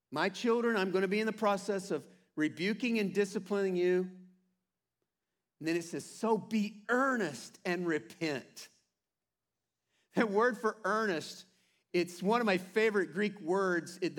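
A pastor preaching a sermon to his church with earnest, animated delivery and playful asides. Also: sits high, a little slow. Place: church sanctuary.

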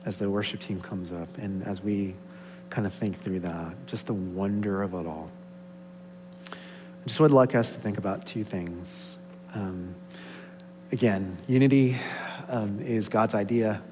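A man preaching a sermon to a congregation, swinging from excited, loud passages to soft, slow, hushed ones. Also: lowish voice. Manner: rises to excited loud peaks, then drops soft and slow. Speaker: pastor. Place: church sanctuary. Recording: long hall reverb, faint hum.

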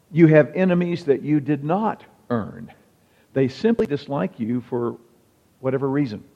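A male pastor preaching a sermon in a conversational, wry manner, quoting examples as he goes. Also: medium pitch. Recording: dull sound with long hall reverb.

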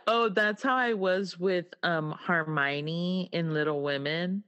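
A podcast co-host in casual comedic chat, playful and quick to laugh. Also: mid-range voice, bright, forceful tone, smooth, lo-fi sound. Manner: giggly, playful, laughs often.

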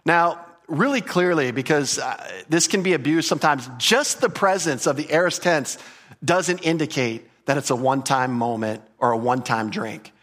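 A man's voice: fairly high pitch, moderate pace, a bit bright. Emphatic man preaching a teaching sermon. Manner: emphatic teaching, explains Greek grammar, repeats key phrases. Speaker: pastor. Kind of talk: expository sermon.

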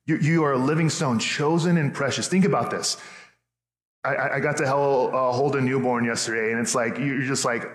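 A man in his thirties preaching a sermon as pastor, earnest and conversational, often restarting his phrases. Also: on the high side. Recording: echoey hall with long reverb.

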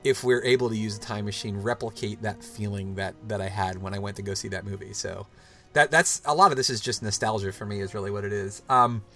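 With a voice on the low side and a fairly bright tone, a podcast host in his thirties talks fairly quickly in a rambling, casual chat. He leans on "like" and keeps restarting, while faint music plays behind him.

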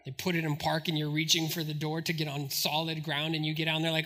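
A pastor in his forties delivers a sermon at a fast clip, his voice fairly high. He tells stories with animation and acts out the voices of the people he quotes.

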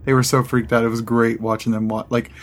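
A man's voice: mid-range voice, level tone, fast, slight background noise. A man co-hosting a paranormal podcast, chatting casually, laughing and swearing, with lots of "like". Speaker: podcast co-host. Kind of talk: casual chat.

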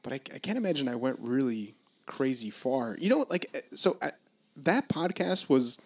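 A man's voice: mid-range voice, sing-song, moderate pace. A man from Los Angeles in casual chat on a podcast, rambling, laughing often and swearing casually.

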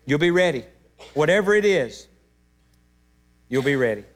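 A middle-aged man preaching a sermon to his church, emotional, swinging between loud emphatic peaks and hushed moments. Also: on the high side, expressive, normal speed. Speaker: pastor.

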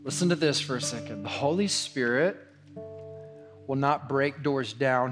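A man's voice: mid-range voice, measured pace, fairly bright tone. A man preaching a sermon as pastor, earnest and repetitive, his delivery swelling in intensity. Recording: long hall reverb with faint guitar music.

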